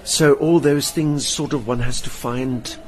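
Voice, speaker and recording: Medium-pitched and steady, the older man talks at a measured pace in a slightly mellow tone. He has a South African accent and is a stage performer interviewed in a hotel lounge, vividly recounting his own experiences while imitating the people he quotes.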